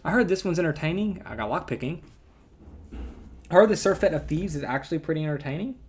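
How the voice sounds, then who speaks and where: A man's voice: fairly high pitch, expressive, fast talker. A man with a rural twang chatting casually as a game streamer, rambling and correcting himself as he goes. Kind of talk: casual gameplay commentary.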